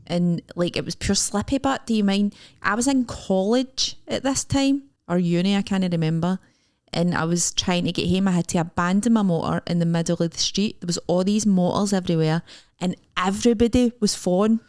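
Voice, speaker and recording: A woman's voice: fairly low pitch, a little mellow. Glaswegian woman chatting casually. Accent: Scottish, Glasgow area. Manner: reactive, chimes in with quick comments and gasps. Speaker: podcast co-host. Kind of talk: casual chat.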